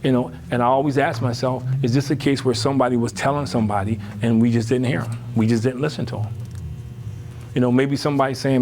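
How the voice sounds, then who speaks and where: A man giving a lively motivational talk to parents, full of rhetorical questions and "you know.". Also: fast talker, a little hiss or hum. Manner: lively, emphatic, rising high when animated. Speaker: speaker on parenting.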